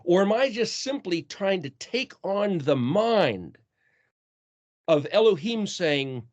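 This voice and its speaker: A man's voice: sits high, sing-song, takes it slowly, a little mellow. A man teaching scripture in an earnest way, asking many rhetorical questions. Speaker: teacher of a scripture study call. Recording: dull lo-fi sound.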